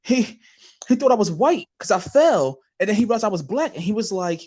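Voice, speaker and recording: A man's voice: high voice, a little fast. A man co-hosting a podcast, telling long rambling stories in casual chat and laughing along the way. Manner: rambling animated storytelling with laughs. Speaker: podcast co-host.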